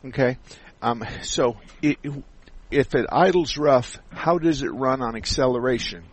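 A man's voice: medium pitch, measured pace, husky, poor audio. A man hosting a call-in radio show about car repair, explaining things step by step in a folksy way. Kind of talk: call-in radio advice chat.

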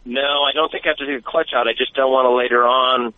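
A man's voice: medium pitch, steady tone, fast talker. A man calling into a radio show, asking his questions politely and a little hesitantly. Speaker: caller. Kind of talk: phone-in question. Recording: phone line.

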